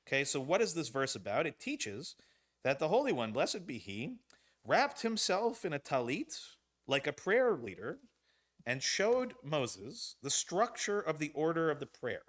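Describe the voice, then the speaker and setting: A man's voice: fairly high pitch, very animated, unhurried, fairly bright tone. A man leading a text study as rabbi in a synagogue, talking conversationally and often checking in with "right?". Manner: conversational, checks in with frequent tag questions. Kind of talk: teaching a text study session. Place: synagogue sanctuary.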